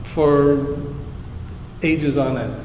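A man with a fairly high voice gives a sermon in a church sanctuary, explaining the text in a casual, teaching tone. His voice rings through a large echoey hall with a long tail of reverb and faint room ambience behind it. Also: very slow, darkish tone, lo-fi sound, a little hiss or hum. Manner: conversational teaching, explains Hebrew terms simply, rises emphatic on scripture. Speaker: pastor.

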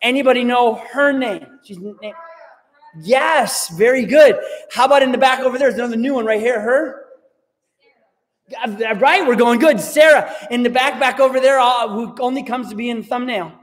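High-voiced upbeat man in a hall. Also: normal speed. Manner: upbeat, playful, calls out to the crowd. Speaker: youth group leader. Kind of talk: lively talk to a student youth group. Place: large hall with a live audience.

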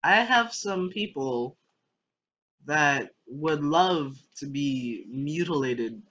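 A young adult gamer rambles through let's play commentary in a bright, crisp voice, cracking jokes and scolding the game out loud. The pitch swings widely from low mutters to high yelps. The recording sounds dull and lo-fi. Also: lively intonation, extremely slow. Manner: jokey, rambling, talks to the game.

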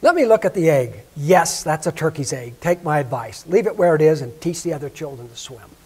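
A man voicing a bossy old female duck who gives brisk, knowing advice. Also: on the high side, lively intonation, darkish tone, husky.

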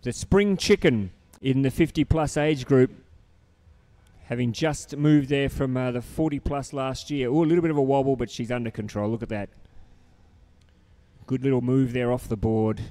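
A man's voice: medium pitch, normal speed, warm tone, no room sound. Guy joking around while calling a paddleboard race, ribs his co-hosts. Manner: teasing, chatty, banters with co-hosts. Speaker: lead commentator. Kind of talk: joking live sports commentary.

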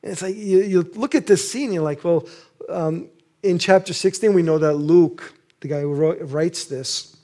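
A man's voice: on the high side, normal speed, mellow. A middle-aged male preacher giving a casual sermon, acting out scenes and laughing often.

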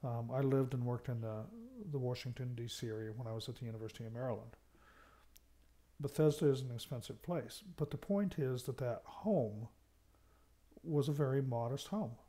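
A man's voice: medium pitch, moderate pace, mellow. A man from the United States lecturing on management, explaining points and stressing key words, often checking in with "okay". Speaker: university lecturer. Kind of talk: recorded lecture.

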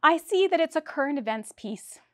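A self-important male theater director, as a woman reads him, gushing and drawn out, his voice pushed up higher than the reader's own. Close, dry sound. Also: expressive, fairly quick, dry recording. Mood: pompous. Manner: pompous, gushing. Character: pompous male star director, oblivious.

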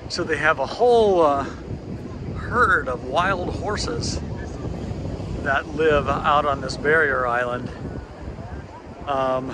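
A man's voice: a little high, slow, long pauses, background noise. Wry chatty man vlogging outdoors. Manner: chatty, wry, self-deprecating. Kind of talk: casual vlog narration. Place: outdoors on a deck by the beach.

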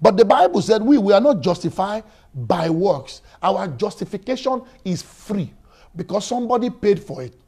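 High-voiced preacher, rising to shouts. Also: male voice, very animated, normal speed. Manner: storytelling, swings from quiet to shouting, repeats words. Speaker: pastor. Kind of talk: sermon.

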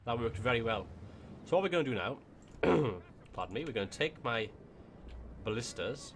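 A man's voice: mid-range voice, lively intonation, normal speed, slight background noise. A man with a Welsh accent giving casual gameplay commentary, thinking aloud as he plays. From Wales. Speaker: gaming YouTuber.

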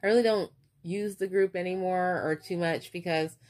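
A woman chatting excitedly in a casual vlog, stuttering now and then as she leafs through coupon inserts. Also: lowish voice, normal speed. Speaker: couponing vlogger. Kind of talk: casual show-and-tell vlog.

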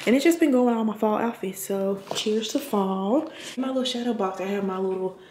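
A fairly quick, medium-pitched woman in her twenties, a nurse vlogger, gives a casual tour of her apartment and chats with viewers, calling them y'all. The room is echoey with faint background noise.

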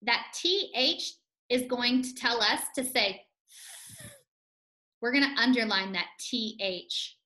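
A woman teacher leads a first-grade phonics lesson, drawing out each sound slowly and clearly. Her voice is bright and a little high, and it rings in an echoey room. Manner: slow, clear, sing-song teacher talk with chants.

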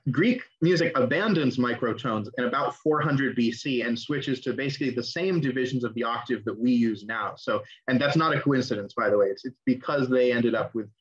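A young man gives a relaxed online lecture over a video call. His voice sits at an ordinary pitch, and the audio sounds dull and a bit lo-fi. He explains things conversationally and often stops to restart a phrase. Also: brisk, few pauses. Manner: casual, explanatory, with fillers and restarts. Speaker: teacher.

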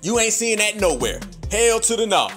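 A man's voice: sits high, sing-song, moderate pace, a bit bright, faint music behind. A man hosting a podcast in a fiery, preachy monologue, full of rhetorical questions and profane slang. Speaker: podcast host.

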